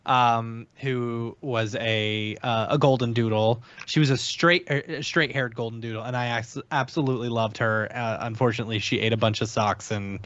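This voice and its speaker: A man hosting a podcast, talking casually in halting phrases with many fillers. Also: medium pitch, fairly even intonation, a bit bright, dry recording, highs cut off. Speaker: podcast host. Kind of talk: casual chat.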